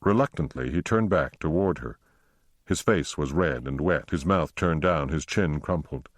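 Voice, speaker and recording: A male audiobook narrator with a very deep, low voice, telling the story steadily and without hurry. The sound is close and bone-dry, with no room around it. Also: animated, normal speed, no echo.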